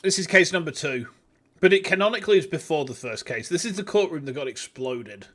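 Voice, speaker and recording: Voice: mid-range voice, expressive, brisk, a bit bright. A streamer giving casual, chatty commentary over a video game, swearing freely.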